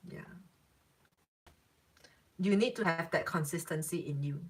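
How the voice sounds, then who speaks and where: A woman's voice: low-pitched, unhurried, low-quality recording. A woman giving a live psychic reading, talking bluntly and repeating her points. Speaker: psychic reader. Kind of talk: live-stream reading, casual chat.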